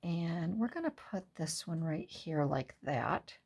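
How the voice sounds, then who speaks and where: A woman's voice: fairly low pitch, big pitch swings, slow, creaky, darkish tone, breathy edge. A woman hosting a collage craft video, chatting casually and telling stories while she works. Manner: chatty, storytelling, laughs easily.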